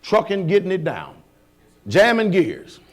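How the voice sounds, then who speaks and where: A man preaching a sermon as pastor, talking in a colloquial way with rhetorical questions, dropping to low asides and rising to shouts. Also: huge pitch swings, a little slow.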